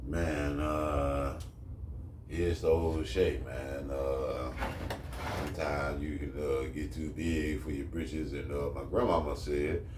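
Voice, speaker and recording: A man's voice: rumbling low, little pitch movement, takes it slowly. A man co-hosting a podcast, laid-back and joking, with profane slang in casual chat. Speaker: podcast co-host. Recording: echoey room, distant mic, faint hiss.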